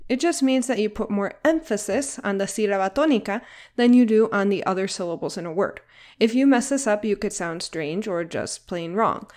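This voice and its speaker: A woman's voice: medium pitch, moderate pace, a little mellow. Patient woman teaching a language lesson. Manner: clear, patient explaining with careful example words. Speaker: Spanish teacher. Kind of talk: recorded online lesson.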